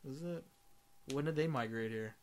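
A man's voice: mid-range voice, normal speed. A young Canadian man chatting loosely with friends, cursing freely and getting worked up as he argues. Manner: loose, profane, excitable. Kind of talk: casual chat.

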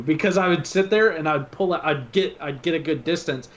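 A man telling stories on a podcast in an animated, casual way. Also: on the high side, fairly quick, muffled recording. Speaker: podcast co-host.

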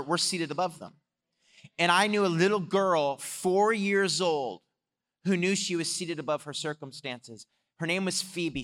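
A man preaching a sermon, telling a story in an animated way and swelling louder on his exhortations. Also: medium pitch. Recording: long hall reverb.

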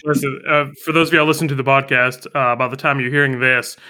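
A man's voice: mid-range voice, steady tone, fast, background noise. A man hosting a podcast in casual chat, with wry, playful banter. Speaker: podcast host.

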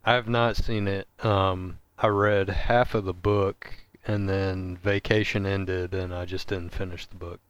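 Man, low-pitched, very slow, hesitant, dry close sound. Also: little pitch movement, smooth, no echo, dull audio. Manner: slow, hesitant, trailing off softly. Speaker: podcast co-host. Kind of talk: casual chat.

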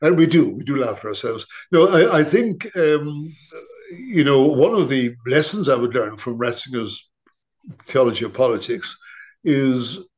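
A man's voice: mid-range voice, lively intonation, a little slow, muffled recording. A man, a priest and theologian, talking in an interview, often stopping, repeating words and restarting. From Ireland. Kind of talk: conversational interview.

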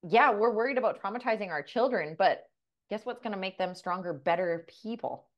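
A woman's voice: medium pitch, expressive, fairly quick, muffled recording. A woman co-hosting a podcast, talking earnestly and telling stories that quote the people in them. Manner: earnest, storytelling, quotes others in dialogue. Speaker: podcast co-host. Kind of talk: reflective podcast conversation.

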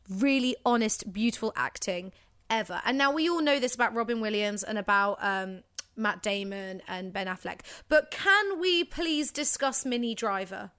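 A woman co-hosting a podcast, chatting casually and gushing about films with quick asides. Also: a little high, fairly bright tone. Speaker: podcast co-host. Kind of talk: casual chat.

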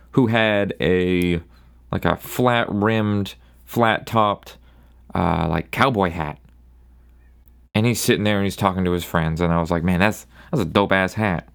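A young man hosts a solo podcast, spinning a rambling bar story with a wry, casual air and doing quick voices for the people in it. His voice sits low, with a clear, resonant tone.

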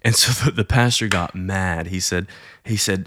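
Man, low voice, dry close sound, chatty faith storyteller who acts out quotes. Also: normal speed, a bit bright, dry recording. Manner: conversational retelling with many fillers, acting out quoted lines. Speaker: Christian storyteller. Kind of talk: casual storytelling.

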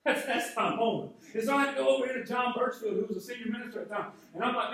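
A man's voice: very high voice, racing, hardly any pauses, a bit bright. A male pastor telling a personal story in a conversational sermon, often restarting his phrases, from North Georgia. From North Georgia, USA. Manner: conversational storytelling with frequent repeated starts. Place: large church sanctuary. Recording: very echoey hall, voice from a distance.

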